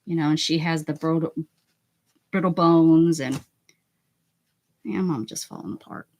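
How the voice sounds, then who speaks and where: A woman's voice: sits low, a little slow, vocal fry, darkish tone. A woman with a northern US accent hosting a craft livestream, chatting casually while she paints, muttering and whispering asides to herself and answering viewer chat.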